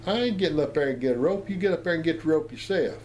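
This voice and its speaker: A man voicing a stubborn male farmhand who bluntly refuses an order, a bit higher than his own voice. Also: lively intonation, fast, darkish tone, a little hiss or hum, lightly acted. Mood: defiant.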